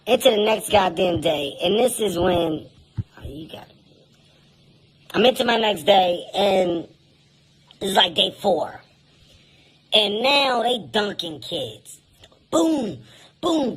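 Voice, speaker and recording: A man telling a comic story in a profane, animated way, laughing through his lines. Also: high voice, husky. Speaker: comedian.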